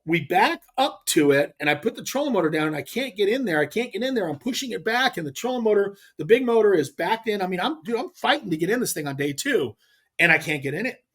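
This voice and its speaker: Animated man telling a fishing story. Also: high voice, fast. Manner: animated, emphatic, rambling. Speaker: guest angler. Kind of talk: casual storytelling.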